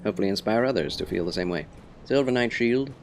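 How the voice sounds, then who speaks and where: A man streaming a video game, chatting casually with viewers in a polite, formal, gentlemanly way. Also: lowish voice, lively intonation, quick pace, background noise.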